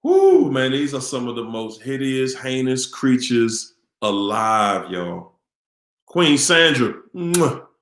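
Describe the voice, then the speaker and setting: A man's voice: mid-range voice, wildly swooping pitch, slow pace, fairly bright tone, reverberant. A man hosting a live question-and-answer stream, talking casually and animatedly to viewers, repeating himself and asking the audience questions in a preachy way.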